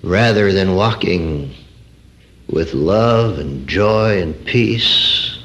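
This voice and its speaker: A man's voice: deep voice, expressive, extremely slow, a bit bright. A middle-aged man preaching a sermon, telling a personal anecdote in a folksy way with wry humor and rhetorical questions to his listeners. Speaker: preacher and counselor.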